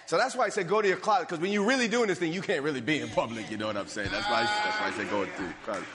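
A man preaching a sermon as a pastor, swinging from low, quiet passages up to loud, emphatic calls. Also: racing. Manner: animated preaching, rising to near-shouts and dropping low. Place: church sanctuary. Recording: long hall reverb.

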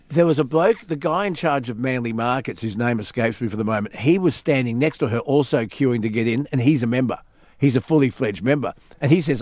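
Australian male radio host, animated storyteller, dry close mic. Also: mid-range voice, brisk, no echo. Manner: animated storyteller, acts out quotes. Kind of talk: storytelling on a talk radio show.

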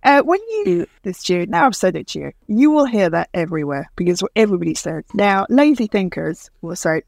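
A woman's voice: fairly low pitch, expressive, a little fast, vocal fry, few pauses, no room sound. A woman in her fifties, a television producer and speaker, talking in an interview, emphatic and storytelling, acting out quoted dialogue. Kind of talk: conversational interview.

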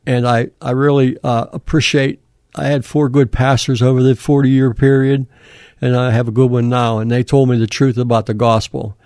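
An older man speaks plainly and haltingly, with many fillers and restarts. His voice sits at an ordinary middle pitch. The sound is dry and close, with no room around it. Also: little pitch movement, darkish tone, no room sound. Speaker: guest. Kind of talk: personal testimony in casual talk.

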